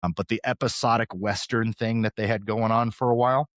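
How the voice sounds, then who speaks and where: A man in his thirties hosting a podcast, talking casually and fast, with an animated, rambling delivery. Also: fairly low pitch, no room sound, studio quality. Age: 30s. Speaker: podcast host. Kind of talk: casual chat.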